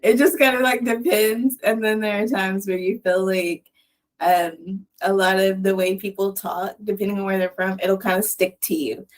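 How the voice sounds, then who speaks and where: A woman with a Texan accent hosts a relaxed podcast conversation. She talks casually, with plenty of "like" and frequent laughter, sharing stories in an easygoing way. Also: medium pitch, normal speed, rough recording. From Texas. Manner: chatty, laughs often, says "like". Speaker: podcast host.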